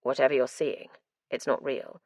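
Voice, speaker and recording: Lady narrator doing a low muttery guy, grim and terse, dropped deep. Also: steady tone, moderate pace, a little mellow, dry recording, studio quality. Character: grim, terse young man, a steady protector.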